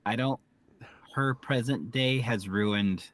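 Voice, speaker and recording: A man's voice: mid-range voice, takes it slowly, a bit bright. A man co-hosting a podcast, chatting casually and reminiscing about old TV shows. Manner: conversational, nostalgic, reflective asides. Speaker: podcast co-host. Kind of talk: casual chat recapping a TV episode.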